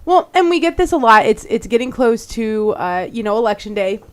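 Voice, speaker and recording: A woman's voice: a little high, a little fast, clear, resonant tone. Woman telling stories emphatically. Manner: animated storytelling, emphatic. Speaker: studio guest, political party activist. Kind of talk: casual talk radio chat. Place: radio studio.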